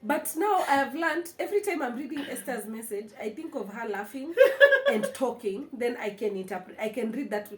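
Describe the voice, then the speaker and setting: A woman's voice: a little high, normal speed. A young Kenyan woman hosting a casual chat, telling stories with frequent laughter. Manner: animated storyteller, laughs often. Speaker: vlog host. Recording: echoey room with faint ambience.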